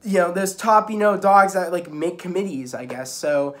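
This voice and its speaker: A man's voice: high-pitched, steady tone, moderate pace. Rambling young man recapping a show. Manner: rambling, full of restarts and "like". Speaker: video reviewer. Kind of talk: casual episode recap.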